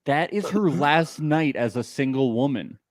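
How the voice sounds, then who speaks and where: A young man co-hosting a casual recap podcast, animated and quoting people in playful voices. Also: fairly high pitch, measured pace, dry recording, studio quality. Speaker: podcast co-host.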